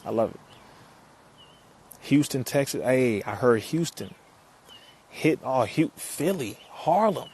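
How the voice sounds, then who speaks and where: Lively man hosting a livestream. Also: medium pitch, slow, pauses often, slight background noise. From Compton, California. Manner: energetic, reading out viewer comments and shouting out cities; laughs often between phrases. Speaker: live-stream host. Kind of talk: casual live-stream chat.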